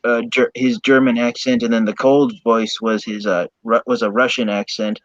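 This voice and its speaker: Steady, calm male voice in casual chat, dry and muffled lo-fi recording. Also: mid-range voice, normal speed, no echo. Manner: calm, steady, explains details. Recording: dry, dull lo-fi sound.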